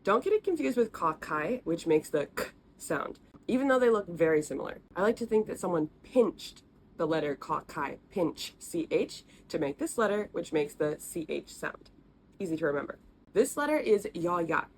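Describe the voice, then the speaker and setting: A woman teaching the letters and sounds of an alphabet in a friendly, patient way, repeating each sound slowly. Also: lowish voice, very animated, slight background noise. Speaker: language teacher. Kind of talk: explaining, recorded lesson.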